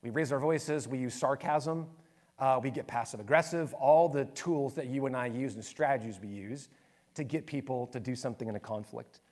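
A man's voice: mid-range voice, moderate pace, a little mellow. A man in his forties, a pastor, giving a sermon and telling a personal story in an earnest, candid, self-deprecating way. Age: 40s.

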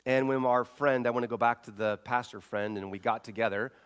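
Preaching man, swelling and hushing. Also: medium pitch, fairly even intonation, brisk, smooth. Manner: swells loud on key points, drops to a hush in stories; quotes scripture and retells conversations. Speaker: pastor. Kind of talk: sermon.

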